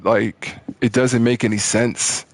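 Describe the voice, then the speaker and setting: A man with a gravelly, fry-edged voice delivers irritated gameplay commentary. He rants and swears, circling back to the same grievance again and again. His pitch sits in an ordinary middle range. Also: level tone, takes it slowly, no room sound. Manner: exasperated, profane ranting. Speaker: gaming channel host.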